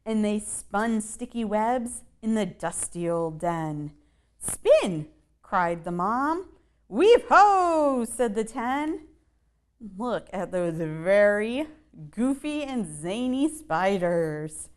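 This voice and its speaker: Very slow, lively woman reading a story aloud. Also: medium pitch, clean tone. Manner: sing-song rhyming delivery with playful asides. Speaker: storyteller reading a picture book to children. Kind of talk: children's read-aloud with questions to listeners.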